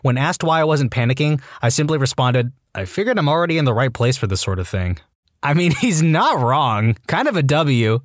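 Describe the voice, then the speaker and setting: Lively man reading stories aloud. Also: medium pitch, moderate pace, no echo, studio quality. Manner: animated storytelling, acts out quoted lines. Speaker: story narrator.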